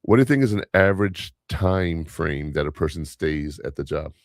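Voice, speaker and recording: A man's voice: a bass voice, lively intonation, moderate pace, dry recording, clean studio sound. A man hosting a podcast, telling workplace stories in a casual, rambling way with lots of fillers and restarts. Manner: chatty storyteller, many fillers and restarts. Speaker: podcast host. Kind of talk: casual chat.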